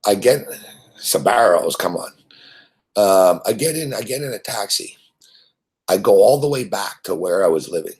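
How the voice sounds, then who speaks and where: A man's voice: lowish voice, animated, moderate pace, pauses often, darkish tone, breathy edge. A man from Montreal, hosting and telling a rambling, profane story that keeps repeating itself. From Montreal, Canada. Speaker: host.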